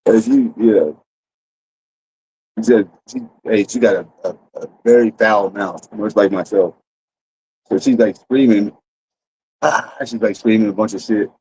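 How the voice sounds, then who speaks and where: A man's voice: lowish voice, measured pace, long pauses, warm tone, slightly rough, no echo, rough recording. A man telling a rambling, profane story to his livestream audience in a casual way, full of restarts. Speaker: streamer.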